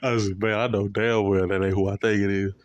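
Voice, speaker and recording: A man in a casual, profane sports rant, animated and repeating himself, aimed at a commentator. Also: on the low side, brisk, no room sound, muffled recording.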